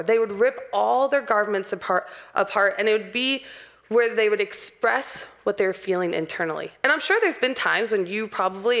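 A woman's voice: medium pitch, fairly bright tone. A young adult woman preaching a sermon in an earnest, personal way and laughing lightly now and then.

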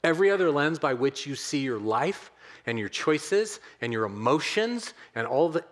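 A man preaching with a middling pitch, his voice rising into near-shouted emphasis before sinking into soft, intimate murmurs. He hammers phrases home by repeating them and turns to the congregation as friends. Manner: swings from loud shouted emphasis to hushed, tender low delivery; addresses the congregation directly as friends. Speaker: pastor. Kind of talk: sermon.

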